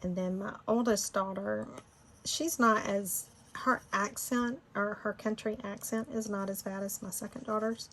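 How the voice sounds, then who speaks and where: A little hiss or hum sits under this fairly bright, medium-pitched voice, which has fairly even intonation and a slightly slow pace. It belongs to a middle-aged woman from Florida with a Southern Georgia accent, who rambles chattily and laughs easily while leading a casual screen-recorded design tutorial.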